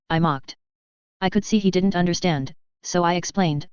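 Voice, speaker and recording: Low, smooth female audiobook reader with wry delivery; dry, slightly muffled recording. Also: normal speed, darkish tone, dry recording. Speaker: audiobook narrator. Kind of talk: first-person fan fiction audiobook narration. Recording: dull lo-fi recording.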